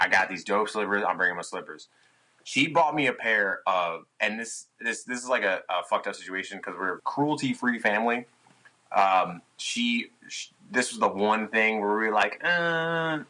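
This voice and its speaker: A man's voice: lowish voice, moderate pace, pushed and bright, low-quality recording. A young man, a guest on a podcast, telling a tour story in casual, profane chat and acting out his own past lines. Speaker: podcast guest, touring musician.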